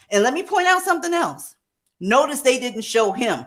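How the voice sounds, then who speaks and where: A middle-aged woman hosting a heated commentary, emphatic and profane, swinging between loud and soft. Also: a little high, very animated, moderate pace. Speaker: host. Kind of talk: heated commentary on a news clip.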